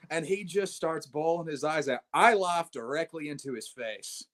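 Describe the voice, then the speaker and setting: A man's voice: fairly high pitch, moderate pace, hardly any pauses, a bit bright. A brash young man, a wrestling champion, telling swaggering stories in a casual interview and calling people mate.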